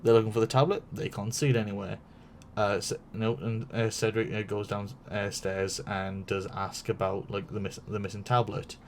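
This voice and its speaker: A man's voice: lowish voice, flat delivery, normal speed, slight background noise. A man streaming, telling a long story casually with many fillers, restarts and swearing.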